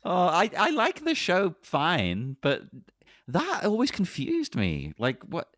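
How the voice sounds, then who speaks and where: A man's voice: high-pitched, wildly swooping pitch, slow, a bit bright, no room sound, studio quality. A man guesting on a podcast, chatting casually in a playful, teasing way.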